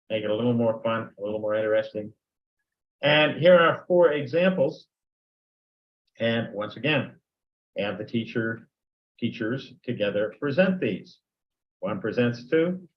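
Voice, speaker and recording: A man's voice: lowish voice, animated, normal speed, long pauses. An older man training teachers in a conversational lecture, sometimes acting out sample dialogues. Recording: dull lo-fi recording.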